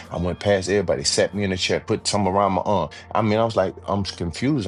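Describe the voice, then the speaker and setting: A man with a strikingly deep voice tells his own story as an interview guest. He talks casually and animatedly, often saying "you know what I mean" and acting out other people's lines. Faint music plays underneath. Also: fast, few pauses. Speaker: podcast guest.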